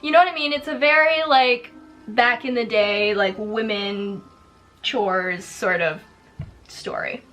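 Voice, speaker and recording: A woman's voice: fairly high pitch, fairly even intonation, slow, fairly bright tone, faint music behind. A woman vlogger retelling a folk tale in a chatty, sarcastic way, full of "like" and "girl," while doing her makeup. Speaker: spooky lifestyle vlogger.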